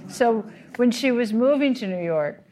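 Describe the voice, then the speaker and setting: A woman panelist who joins in with quick interjections and conversational remarks. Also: fairly high pitch, lively intonation, dark tone, slight background noise. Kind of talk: panel discussion before an audience.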